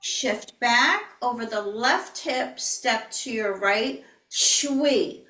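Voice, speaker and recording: Woman tai chi teacher, unhurried cueing, slightly high voice, echoey room, away from the mic. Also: far from the mic. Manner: calm, step-by-step cueing, breathing out whispered healing sounds. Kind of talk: online movement class instruction.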